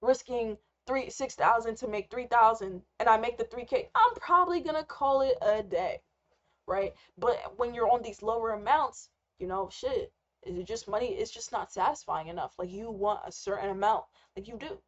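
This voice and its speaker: A young woman talks through an unscripted live rant, candid and rambling, swearing freely. Her voice sits a little high. The recording is somewhat dull and lo-fi. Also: moderate pace. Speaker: trader and vlogger. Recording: slightly muffled lo-fi recording.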